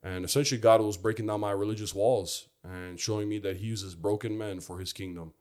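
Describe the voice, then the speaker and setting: Man, young adult, lowish voice, earnest, reflective, halting, personal faith testimony. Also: fairly even intonation, darkish tone. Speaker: former football player giving his testimony.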